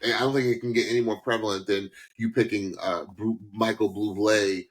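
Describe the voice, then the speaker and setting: A man's voice: on the low side, fairly even intonation, a little fast, low-quality recording. A man co-hosting a podcast, chatting casually in a put-on New York accent and drawing out his points. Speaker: podcast co-host. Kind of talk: casual reaction chat.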